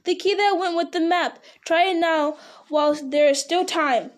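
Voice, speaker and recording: A woman's voice: sits high, steady tone, warm tone, natural voice. A woman voicing Bilbo, a fretful hobbit. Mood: frantic. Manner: worried, hurried exclamations. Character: fretful small male hobbit, anxious and fussy.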